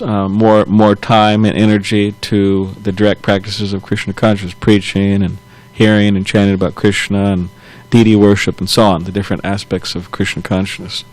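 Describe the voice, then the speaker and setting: A man's voice: on the low side, flat delivery, darkish tone, low-quality recording. Man telling a scripture story, chuckling. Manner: loose, halting retelling with chuckles and self-corrections. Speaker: temple class speaker.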